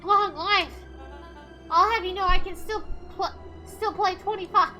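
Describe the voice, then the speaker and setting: A woman's voice: very high voice, moderate pace, bright, forceful tone. A woman voicing a pompous, cruel old man villain, haughty and taunting, with music playing underneath. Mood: scornful.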